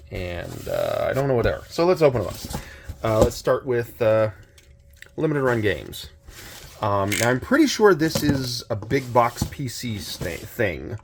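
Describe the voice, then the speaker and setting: A middle-aged man hosting a casual unboxing chat, his voice a little hoarse, talking in a rambling, hesitant way with many restarts. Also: fairly low pitch, background noise. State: slightly hoarse. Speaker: channel host.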